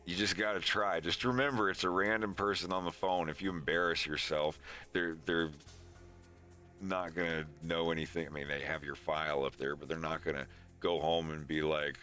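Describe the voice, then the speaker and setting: Male streamer, low voice with a bright edge, rambling and chatty. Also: fairly even intonation, normal speed, faint music behind. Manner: loose, profane, chatty advice-giving. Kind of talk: casual rambling stream chat.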